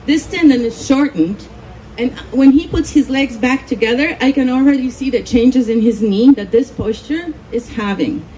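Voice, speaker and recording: Woman presenter, explanatory, soft warm tone, faint background ambience. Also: sits high, moderate pace, a little hiss or hum, rough recording. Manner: explanatory, demonstrating on a volunteer. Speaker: speaker at a conference. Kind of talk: live talk to an audience.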